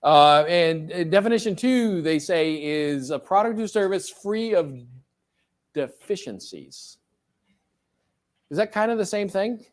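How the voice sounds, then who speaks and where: A man's voice: high-pitched, animated, unhurried. Middle-aged man as a professor, lecturing loosely, tossing questions to the class. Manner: casual, joking, asks the class questions.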